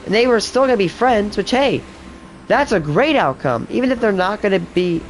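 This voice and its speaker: A man's voice: high-pitched, lively intonation, moderate pace, slight background noise. A man streaming a game, commenting casually with rambling asides and fillers. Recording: music in the background.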